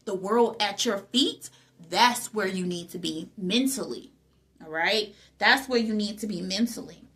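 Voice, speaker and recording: Speaking at a measured pace in a medium-pitched, fairly bright voice, this channel host delivers a forceful talk about growing spiritually. She leans on repeated phrases and rhetorical questions to motivate her audience.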